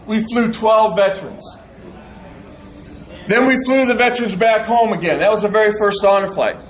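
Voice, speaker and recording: A middle-aged man giving an animated storytelling speech to an audience of veterans, acting out the dialogue he recounts. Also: high-pitched, moderate pace, rough recording. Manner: animated, acts out quoted dialogue. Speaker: speaker addressing veterans.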